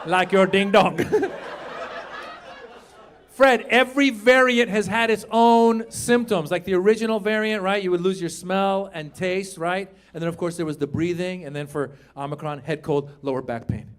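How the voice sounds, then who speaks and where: A man in his fifties doing stand-up comedy on a club stage, working the crowd with loud, animated delivery and shouted punchlines. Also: sits high, moderate pace. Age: 50s.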